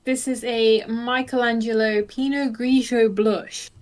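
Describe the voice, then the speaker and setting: A woman's voice: a little high, fairly even intonation, unhurried. Female co-host, dry wit, slightly tipsy, easygoing chat. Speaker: podcast co-host. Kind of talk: casual chat.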